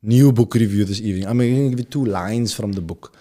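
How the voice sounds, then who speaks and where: Cape Town South African man, thirties, podcast host; mellow tone, chatty and rambling. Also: fairly low pitch, fairly quick. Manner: rambling, upbeat, addresses the audience directly. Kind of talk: casual chat.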